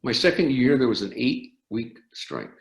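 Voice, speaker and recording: In an interview, an older conductor recounts stories with lively, up-and-down intonation, frequently starting phrases over. He has a gravelly, mid-range voice at a measured pace, with a roomy echo around it.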